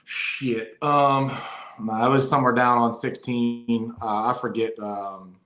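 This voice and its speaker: A man of middle pitch telling a police story in casual podcast chat, often restarting and repeating phrases. His voice rings around a roomy, echoey space. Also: fairly even intonation, takes it slowly, a bit bright. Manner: frequent agreeing interjections, repeats phrases. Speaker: podcast co-host, police officer. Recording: echoey room.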